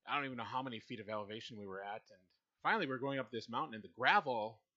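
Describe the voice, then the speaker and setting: A man's voice: mid-range voice, rapid-fire, sharp tone. A young man telling a rambling, self-mocking story in a casual chat. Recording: slightly dull lo-fi sound.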